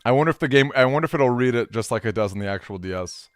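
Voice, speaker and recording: A man's voice: mid-range voice, lively intonation, very fast, no room sound, soft background music. A man streaming a game, chatting casually and rambling with fillers as he answers his chat.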